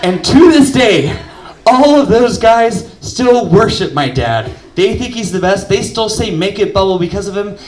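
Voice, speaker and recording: A young man doing stand-up, telling a story deadpan and shouting the punchlines. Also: high voice, unhurried, slight background noise. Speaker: stand-up comedian. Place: comedy club stage. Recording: roomy club audio from a distance. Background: audience laughter.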